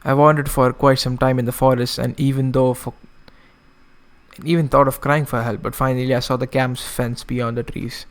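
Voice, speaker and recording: A man's voice: medium pitch, flat delivery, normal speed. A man streaming, reading a visual novel aloud and breaking off for casual asides. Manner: casual asides, self-correcting.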